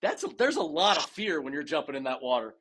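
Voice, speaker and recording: A retired race car driver and dive master appears as a guest in a casual storytelling interview, animatedly spinning tales, acting out dialogue, and restarting often. His slightly high voice moves at a quick pace, with a crowd audible in the background.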